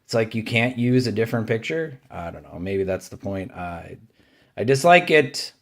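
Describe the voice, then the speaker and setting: Tearing through trading card packs without hurry, this channel host lists the cards one at a time and adds deadpan remarks. Favorite-team pulls lift his pitch and brighten his tone.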